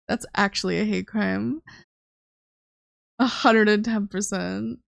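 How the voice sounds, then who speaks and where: A young woman with a gravelly, vocal-fry edge to her mid-pitched voice. She teases and swears her way through a relaxed live-stream chat. The sound is close and dry, with no room around it. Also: no room sound. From Canada. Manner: teasing, swears freely, chats with viewers while drawing.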